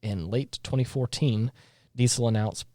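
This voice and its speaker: A man's voice: medium pitch, moderate pace, dark tone, no room sound, studio quality. A man co-hosting a casual podcast, reading film trivia aloud with frequent fillers and small laughs. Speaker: podcast co-host.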